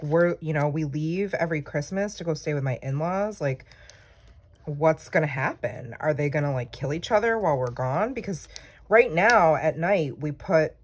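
Woman, low voice, lively swings, slow pace, rambling casual chat. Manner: chatty, rambling, self-teasing. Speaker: planner vlogger. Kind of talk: casual chat while crafting.

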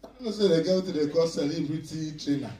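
A male stand-up comedian with a Nigerian Pidgin accent, telling a story in an animated way and acting out other voices. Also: fairly high pitch, fast talker, reverberant, distant mic. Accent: Nigerian Pidgin English. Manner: animated, acts out voices, laughs often.

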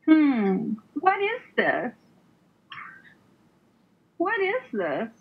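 Over a video call, a woman teaches English to a young learner, speaking slowly with exaggerated sing-song cheer and playful sound effects. Her voice is high with huge pitch swings, and the online call audio is muffled and lo-fi.

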